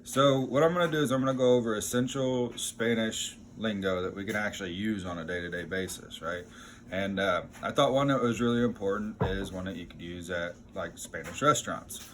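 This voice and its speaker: A man giving a casual, chatty lesson as a teacher, self-deprecating and relaxed, with a lively lift when he quotes the phrases he teaches. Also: fairly low pitch, brisk, slight background noise.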